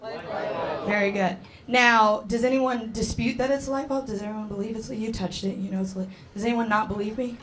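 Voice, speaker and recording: A woman's voice: on the high side, a little fast, noisy background. A woman doing stand-up comedy on a club stage, brash and chatty, with a lot of swearing. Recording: live club, loud crowd.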